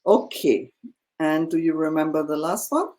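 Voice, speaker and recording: A teacher, patiently tutoring one student, slow and full of fillers. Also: mid-range voice, a little mellow. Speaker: German teacher. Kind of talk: one-on-one language lesson.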